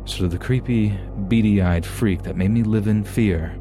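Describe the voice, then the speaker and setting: Deep-voiced man narrating horror stories. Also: normal speed, few pauses, over music. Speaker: podcast narrator. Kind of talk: scripted narration of submitted stories.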